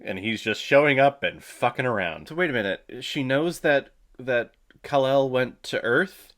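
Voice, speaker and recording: A man's voice: medium pitch, expressive, moderate pace, fairly bright tone. Joking man riffing on a movie. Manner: irreverent, joking, swearing. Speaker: host. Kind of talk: comedic movie watch-along commentary.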